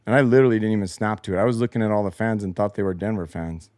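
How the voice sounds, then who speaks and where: A man hosts a post-game replay breakdown in a lowish voice, sarcastic and frustrated, swearing freely as he reacts. His voice sits close to the mic with a dry, deadened sound. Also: rapid-fire, a little mellow, dry recording. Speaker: show host. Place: home basement.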